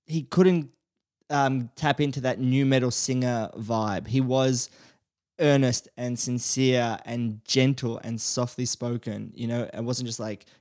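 A podcast host talking casually at a middle pitch. He tells the story easily and slips into quoted lines. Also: fairly even intonation, measured pace, darkish tone. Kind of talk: casual chat.

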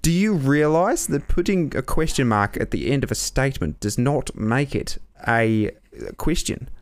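A man's voice: mid-range voice, expressive, moderate pace, lightly acted. A man voicing a brash, crude Australian surfer in a put-on Australian accent, swearing freely. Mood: blokey.

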